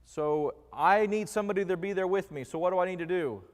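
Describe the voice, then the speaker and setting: A brisk man with a somewhat high voice delivers a conversational sermon in a church sanctuary, where his words fade into a long hall reverb. His style is jokey and chatty, and he quizzes the congregation along the way.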